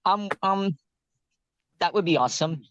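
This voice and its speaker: A woman's voice: on the low side, lively intonation, measured pace, poor audio. A woman in her fifties chatting casually, telling anecdotes and laughing at them. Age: 50s. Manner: storytelling, laughs at own stories. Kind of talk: casual chat.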